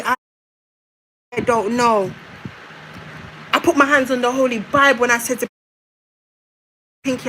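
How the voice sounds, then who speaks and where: A woman's voice: high-pitched, a bit bright, slight background noise, rough recording. A woman, venting to her viewers in a confrontational rant, repeating herself as she speaks directly to her mother. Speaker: vlogger.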